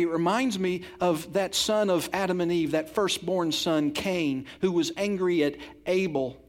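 A man delivers a sermon in a voice pitched a little higher than most men's. He drops to near-hushed, intimate passages, then swells into loud, emphatic declarations, often repeating words to drive a point home. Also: normal speed, few pauses. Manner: dynamic preaching, swings from soft and intimate to loud and emphatic; repeats and restarts words when stressing a point. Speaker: pastor.

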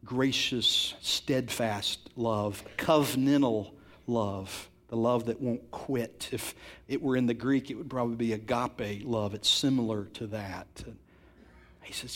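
A man preaching a sermon, moving from quiet, intimate passages to loud, emphatic ones, repeating words for stress. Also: mid-range voice, fairly even intonation, unhurried. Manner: repeats and restarts words when stressing a point. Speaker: pastor.

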